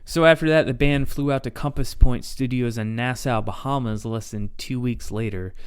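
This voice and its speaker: A man's voice: mid-range voice, normal speed, clean tone, dry recording, studio quality. Casual man narrating a music history podcast. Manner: loose and conversational, reads quotes aloud. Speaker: podcast host.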